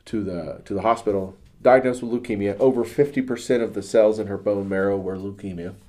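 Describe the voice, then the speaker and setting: A man with a fairly low, warm and mellow voice chats casually on a podcast. He tells a story earnestly, stumbling and restarting his phrases as his thoughts run ahead. He speaks about faith with sincere feeling. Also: fairly even intonation, a little fast. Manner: religious. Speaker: podcast host. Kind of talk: casual chat.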